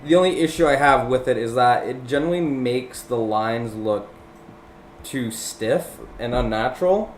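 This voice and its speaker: A man's voice: medium pitch, normal speed, a little hiss or hum. A young man at his desk, rambling casually about his drawing in a voice-over, with lots of fillers and casual swearing. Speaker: artist narrating his speed drawing. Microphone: desk microphone, recorded separately over the video. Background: background music.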